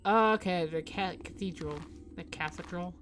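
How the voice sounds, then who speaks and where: A woman's voice: lowish voice, moderate pace, a bit bright, faint music behind. A young woman casually commenting on a video game with laughing asides while reading its dialogue aloud. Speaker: gamer. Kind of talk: let's play commentary.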